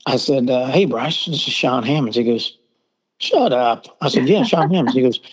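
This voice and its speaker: A man's voice: medium pitch, expressive, moderate pace, breathy edge. Rambling Southern man, muffled call audio. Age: middle-aged. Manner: rambling, acts out quoted dialogue. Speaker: podcast guest. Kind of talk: casual storytelling. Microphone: remote call.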